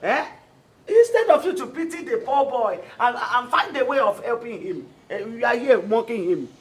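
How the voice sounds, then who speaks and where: A nigerian mum, middle-aged, scolding, lively ups and downs. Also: female voice, fairly high pitch, normal speed, slightly rough. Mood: reproachful. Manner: reproachful, pleading.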